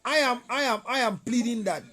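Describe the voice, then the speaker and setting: A man's voice: very high voice, a little fast, sharp tone. A man with a Ghanaian accent hosting an advice show as a relationship counselor, emphatic and repetitive as he lectures. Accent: Ghanaian English.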